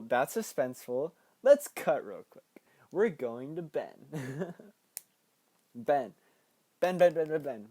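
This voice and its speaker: A young man with a warm, mellow voice recaps a movie in a loose, chatty way, laughing easily and jumping into excited impressions of the characters. The sound is dry and close, with no room around it. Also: medium pitch, no room sound. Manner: playful, laughs often, bursts into excited quoted voices. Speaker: podcast host recapping a film.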